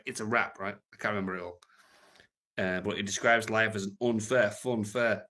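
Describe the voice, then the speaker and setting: British man, livestream chat, bright tense tone, crude rambling jokes. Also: fairly low pitch, steady tone, moderate pace. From Britain. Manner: rambling, crude, jokey, trails off quietly. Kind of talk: unscripted livestream chat reading comments.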